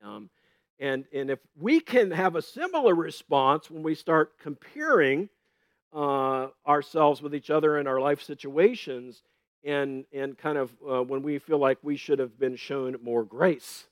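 A man with a fairly high voice gives an unhurried, conversational Bible teaching in a dry recording. He's chatty, keeps asking "right?", and retells stories with gusto, laughing at his own tales.

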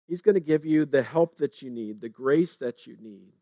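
A man's voice: mid-range voice, lively intonation, normal speed, mellow, dry recording. A man preaching a sermon in a conversational way, often checking in with "right?". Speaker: pastor.

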